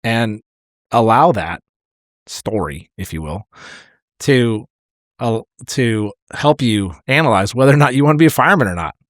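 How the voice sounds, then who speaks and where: A man's voice: mid-range voice, lively intonation, moderate pace, no echo. Firefighter guy on a podcast, swears a lot, gets emotional, super dry sound. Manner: candid, swears freely, emotional storytelling. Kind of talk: casual podcast chat.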